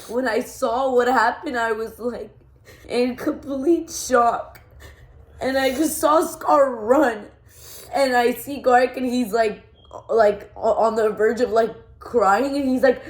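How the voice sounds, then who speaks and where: A woman's voice: fairly high pitch, fairly even intonation, measured pace, darkish tone. Shaken young woman in an echoey room. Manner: rambling, shaken, many fillers and restarts. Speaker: vlogger. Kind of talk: emotional storytime vlog.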